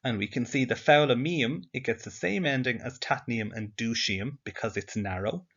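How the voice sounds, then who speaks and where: A male teacher talks through a slide-based language lesson at a middle pitch, patient and methodical. He keeps checking in with the learner between examples. The audio sounds dull and lo-fi. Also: normal speed, a bit bright. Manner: patient, explains step by step with questions to the learner.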